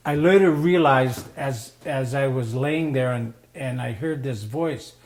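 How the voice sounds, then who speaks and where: A man telling a story in a casual spoken way. He gets animated, acts out the voices of the people he quotes, and laughs often. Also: on the high side, a little slow. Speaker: storyteller guest.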